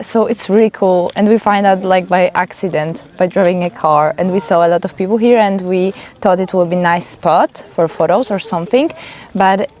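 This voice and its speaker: Excited chatty young woman vlogger. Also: lowish voice. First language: not English. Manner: excited and chatty, full of "like" fillers. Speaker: travel vlogger. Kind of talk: casual travel vlog chat. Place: outdoors on holiday.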